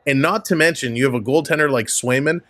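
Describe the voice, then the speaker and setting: A man's voice: medium pitch, fast, fairly bright tone, no echo. A man with a Canadian accent hosting a live hockey stream, mixing play-by-play with friendly replies to chat and thanks to viewers. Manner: upbeat, chatty, thanks viewers by name and chuckles often.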